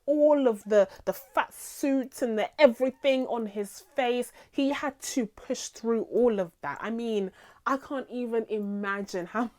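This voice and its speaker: A young adult woman hosting a casual series review, enthusiastic and laughing often, with many fillers. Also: on the high side. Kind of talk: casual chat.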